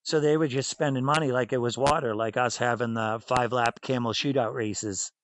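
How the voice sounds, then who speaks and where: A man's voice: mid-range voice, fairly even intonation, brisk, no room sound, low-quality recording. A man in his fifties with a Boston accent, a former racer telling stories bluntly in a casual interview. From New England, south of Boston. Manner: blunt, storytelling, acts out voices in anecdotes. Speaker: former racer and team owner.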